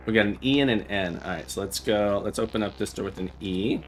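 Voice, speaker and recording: A man's voice: on the low side, normal speed, slight background noise, low-quality recording. A man hosting a livestream, playing a game and thinking aloud as he sounds out Morse code beeps. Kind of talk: casual livestream chat while playing.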